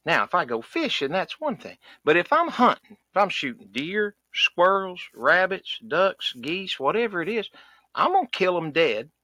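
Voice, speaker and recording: A man's voice: sits high, big pitch swings, moderate pace, pushed and bright, no echo, heavily acted. A man playing a cranky, folksy middle-aged duck hunter, ranting in a comedy podcast. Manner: folksy, exasperated ranting with sighs and country grammar. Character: loud rural Southern male duck hunter, cranky, folksy. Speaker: recurring comedy character.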